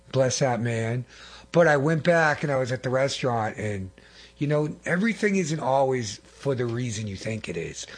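A man with a husky, slightly breathy voice gives an informal testimony before a congregation. He talks in an earnest, rambling way, often stopping to correct himself mid-thought. His pitch sits in an ordinary middle range.

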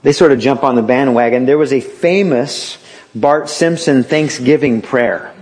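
Male preacher with a husky voice, mid-pitched and conversational. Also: measured pace, a little mellow. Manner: conversational preaching with acted-out quotes. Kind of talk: sermon.

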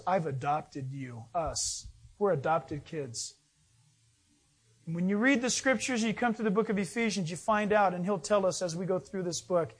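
Middle-aged male pastor, lively storyteller, high voice, sermon. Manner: storytelling, animated, acts out voices in anecdotes.

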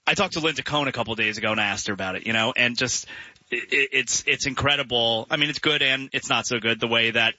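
A man's voice: mid-range voice, fast, pushed and bright, no room sound. A man hosting a sports radio show in casual chat, rambling and restarting his sentences. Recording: dull lo-fi broadcast sound.

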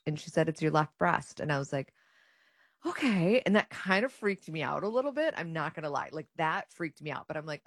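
Low-voiced woman telling her story, acts out the quotes, really dry sound. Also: moderate pace, dry recording. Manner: animated, acts out her own and others' quoted words. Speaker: guest sharing her cancer story. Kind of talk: casual personal storytelling.

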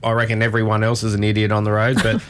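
A man's voice: fairly low pitch, completely flat delivery, racing, fairly bright tone, a little hiss or hum. An Australian man in his thirties co-hosting a radio show, telling long rambling anecdotes in casual chat with many restarts. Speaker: radio co-host.

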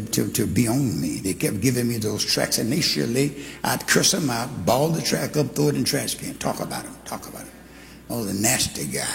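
A man preaching a sermon, telling his testimony with animated storytelling that rises into fervent preaching. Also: mid-range voice, gravelly. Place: church sanctuary. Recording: long hall reverb.

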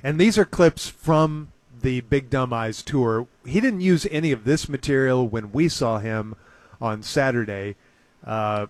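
A man hosting a show, chatting casually and recounting a comedy show he saw with relaxed enthusiasm. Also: mid-range voice, measured pace, hardly any pauses, dry recording. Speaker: radio host. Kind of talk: casual chat.

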